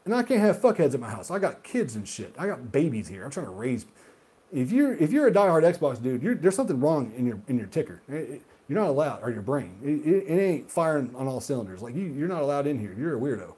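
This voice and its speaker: Husky man ranting with big pitch swings. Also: sing-song, fast. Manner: heated, profane ranting; swings between loud outbursts and muttered asides. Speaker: gaming video host. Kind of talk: solo rant monologue.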